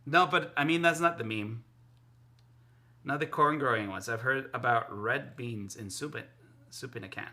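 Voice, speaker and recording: A man chatting casually to his stream while cooking in his kitchen, excitable and rambling, often repeating himself. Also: medium pitch, moderate pace. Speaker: live streamer. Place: home kitchen.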